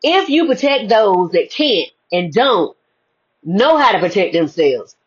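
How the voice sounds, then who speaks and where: Husky-voiced woman preaching, lots of rhetorical questions. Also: medium pitch, very animated, a little slow. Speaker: motivational speaker. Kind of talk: spiritual sermon-style talk. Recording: dull lo-fi recording.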